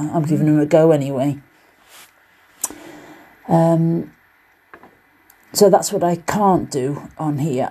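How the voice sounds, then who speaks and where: A woman's voice: sits low, warm tone, breathy edge. A woman hosting a casual solo podcast about quilting. She talks in a chatty, encouraging way with loose, rambling asides. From United Kingdom. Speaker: podcast host and quilting teacher.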